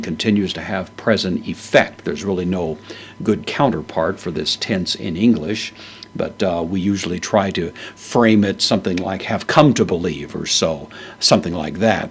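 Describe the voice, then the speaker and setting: A man giving a measured, verse-by-verse Bible lesson, explaining the Greek words with frequent pauses. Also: low voice, breathy edge. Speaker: Bible teacher.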